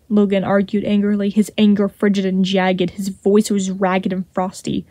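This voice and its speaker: A woman narrating a fan fiction chapter as a podfic reader, in a steady, measured storytelling manner. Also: medium pitch, no room sound.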